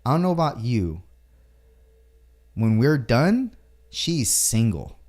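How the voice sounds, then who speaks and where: Measured, reflective man on a podcast. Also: mid-range voice, very animated, a little mellow. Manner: measured, reflective, searches for words. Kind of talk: casual podcast chat.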